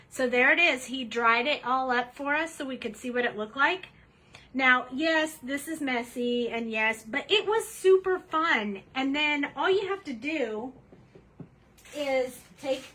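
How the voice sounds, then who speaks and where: A woman's voice: fairly high pitch, bright, forceful tone, slight background noise, low-quality recording. A woman hosting a casual craft demonstration at her home desk, chatty and cheerful as she narrates each step. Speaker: craft tutorial host.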